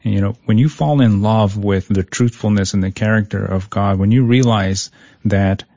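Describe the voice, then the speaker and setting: A man's voice: lowish voice, moderate pace, warm tone, dry recording, highs cut off. A man guest in an interview, telling a personal story in an earnest way, often repeating words. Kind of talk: conversational interview.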